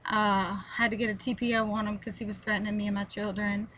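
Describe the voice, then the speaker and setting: Woman, forties, earnest personal testimony, bright tense voice, faint background noise. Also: medium pitch, flat delivery, fast, poor audio. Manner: heartfelt, on the edge of tears. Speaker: vlogger sharing a personal story.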